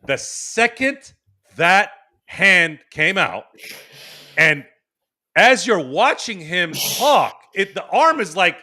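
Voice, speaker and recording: Podcast host, male, forties, bright forceful voice, rambling animated storyteller. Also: high-pitched, slow pace. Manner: animated, laughing storyteller with many restarts. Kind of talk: casual storytelling. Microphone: remote stream microphone.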